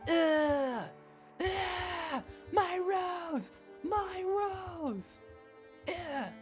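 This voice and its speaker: A man voicing a stubborn little girl who whines in a shrill, repeated cry. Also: expressive, slow, faint music behind. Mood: distraught whining.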